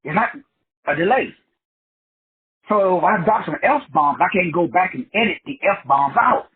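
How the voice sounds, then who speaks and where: A man's voice: high voice, expressive, a little slow, slightly rough. A man hosting a talk show, giving a preachy motivational monologue full of wordplay and repeated phrases. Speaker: podcast host. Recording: tinny phone-like line.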